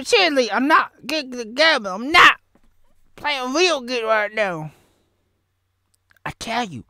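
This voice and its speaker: High, giggly woman rambling through a vlog. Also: bright, forceful tone, no room sound, clean studio sound. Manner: giggly, chaotic, rambling with sudden silly voices. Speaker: vlogger reviewing a film. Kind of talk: rambling comedic review vlog.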